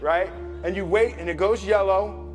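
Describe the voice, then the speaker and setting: A man tells a comic story to a live audience with an animated, laughing delivery. His voice is high for a man. Music plays in the background. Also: moderate pace, big-room sound. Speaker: motivational speaker.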